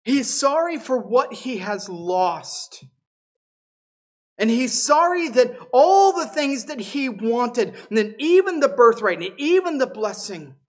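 A man's voice: extremely high pitch, lively intonation, slow. A man, a pastor, preaching an expository sermon and retelling a scripture story.

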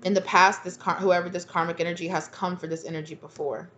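Sassy low-voiced woman tarot reader. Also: level tone, fast talker, a bit bright. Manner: sassy, slangy, laughs at herself. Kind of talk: casual channeled tarot reading.

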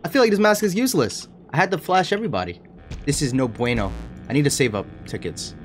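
Excitable, panicky young gaming streamer. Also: male voice, on the high side, fast talker, music in the background. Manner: excitable, panicky running chatter to viewers. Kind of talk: horror game let's play commentary.

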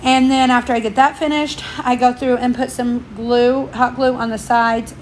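A woman's voice: on the high side, fairly even intonation, normal speed, hardly any pauses, a little mellow, a little hiss or hum. A woman, slightly out of breath, chatting through a step-by-step craft tutorial for her channel. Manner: chatty, homey, explains each step.

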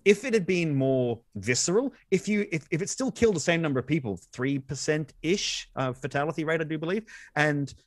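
A man speaking fast and with a lively, swinging pitch, tumbling over his own restarts as he explains. He guests on a podcast, and his voice sits close and dry with no room sound around it. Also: no echo. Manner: excitable, quick restarts and repetitions. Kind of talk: animated conversational explaining.

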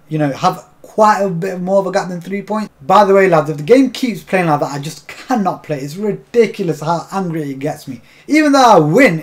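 A young man commentating his own football video game match, swearing often and bursting into shouts at the game. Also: high voice. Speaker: gaming YouTuber. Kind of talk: live gameplay commentary.

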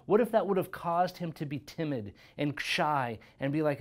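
A man's voice: fairly high pitch, animated, moderate pace, hardly any pauses. A man, a youth pastor, giving a devotional sermon and reading scripture in an earnest, conversational way, often checking in with "right?".

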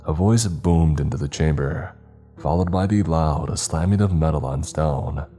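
A man reading a scripted horror story aloud in a measured, somber way. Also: extremely low pitch, warm tone, soft background music.

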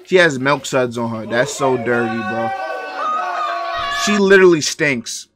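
A man's voice: medium pitch, lively intonation, a little slow, very noisy. A man live-streaming his reactions to a video, joking, swearing freely and laughing often.

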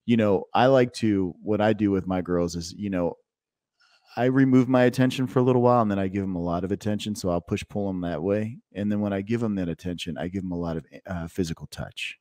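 Deep, dark-voiced man. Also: fast, no room sound, studio quality. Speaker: podcast co-host. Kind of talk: casual podcast chat.

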